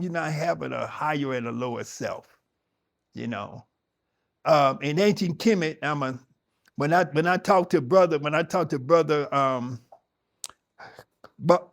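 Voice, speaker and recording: With a creaky voice on the higher side, a middle-aged man speaks to his yoga audience. He's conversational and emphatic, and he often begins his sentences again.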